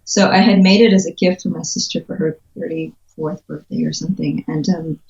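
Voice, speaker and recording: A woman in her thirties, a children's book illustrator, chatting as a guest and acting out quoted lines with lively laughter. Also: brisk, creaky, reverberant, highs cut off. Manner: animated storytelling, acts out quotes with big pitch jumps and laughter. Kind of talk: casual interview chat.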